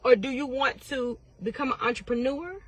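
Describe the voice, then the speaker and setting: A woman's voice: high voice, fairly even intonation, normal speed, dry recording. A woman tarot reader giving blunt, profane advice in a casual vlog, firing off repeated questions.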